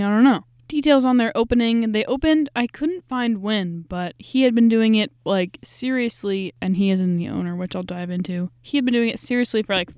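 Young woman, podcast host, chatty and slangy, tired, smooth mid voice, dry closet recording. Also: mid-range voice, darkish tone, dry recording. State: tired and stressed. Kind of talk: casual food review podcast. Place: small closet. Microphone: podcast microphone.

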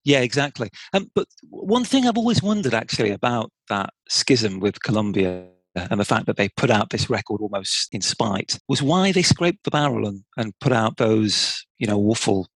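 Husky man chatting on a podcast. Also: fairly low pitch, animated, moderate pace, few pauses, dry recording, rough recording. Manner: chatty, hesitant, lots of fillers and restarts. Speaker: podcast co-host. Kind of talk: casual chat.

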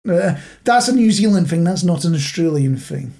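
A man's voice: on the high side, expressive, moderate pace, vocal fry, darkish tone. A man co-hosting a podcast in casual chat, rambling and self-mocking as he tells stories. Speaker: podcast co-host.

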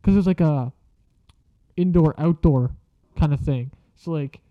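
A man's voice: fairly high pitch, measured pace, no echo. Profane, rambling young man, muffled. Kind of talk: casual storytelling vlog. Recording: dry muffled lo-fi recording.

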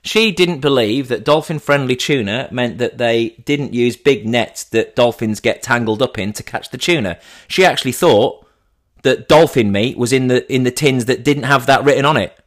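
A man's voice: mid-range voice, moderate pace. A man in his thirties hosting a podcast, telling a story in a chatty, teasing way. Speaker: podcast host. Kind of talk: comic storytelling.

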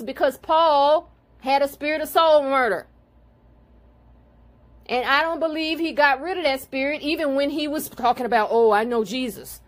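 Speaking in a high-pitched voice, a female spiritual healer and card reader addresses her viewers informally. Her bluntness and swearing build into a heated, preachy tone.

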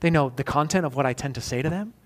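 A man preaching a sermon in a somewhat high voice. He swings from forceful, emphatic declarations to quiet, close questions aimed at the listener. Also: fast talker. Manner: emphatic, rising to loud peaks then dropping soft and intimate. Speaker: pastor.

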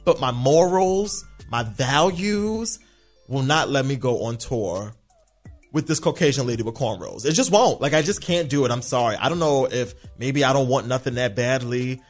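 Male podcast host, animated and sassy, pitch jumping all over, faint music underneath. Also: moderate pace. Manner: animated, sassy, slips into mocking voices. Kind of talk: casual TV recap monologue.

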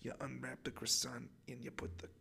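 A man's voice: medium pitch, little pitch movement, a little fast, gravelly, pushed and bright, slightly rough. A man hosting a comedic podcast outdoors on a college campus, rambling with lots of fillers and repeats. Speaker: podcast host.

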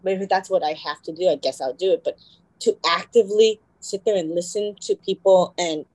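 A woman's voice: lowish voice, fairly quick, no room sound, rough recording. A young woman co-hosting a podcast in casual chat, rambling and correcting herself as she goes. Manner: rambling, self-correcting, animated quoting. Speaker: podcast co-host.

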